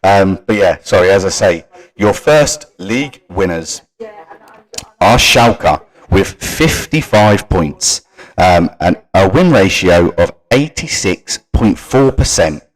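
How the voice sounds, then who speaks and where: A man's voice: low voice, lively intonation, slow, rough recording. A man hosting a live gaming stream. He runs through league standings and stats and talks casually to his viewers. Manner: reads league stats off screen and chats to viewers. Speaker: stream host.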